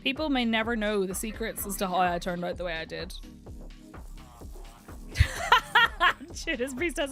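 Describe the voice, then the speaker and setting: A young adult woman streaming a game from home, chatting candidly and telling stories with a lot of laughter. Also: mid-range voice. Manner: chatty and candid, laughs often, animated storyteller. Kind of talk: casual chat while gaming live.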